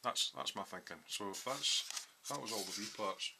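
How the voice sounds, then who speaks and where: A man's voice: fairly low pitch, moderate pace, creaky, background noise. A man in a home hobby workshop, casually walking through his model build with lots of ums as he explains his thinking.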